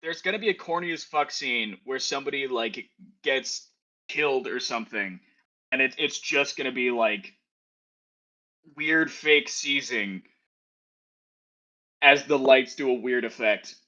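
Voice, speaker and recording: A man's voice: medium pitch, a little slow, pauses often, sharp tone, muffled recording. A man with a Midwestern accent, a guest on a casual stream, blunt and swearing freely. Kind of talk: casual reaction-stream chat.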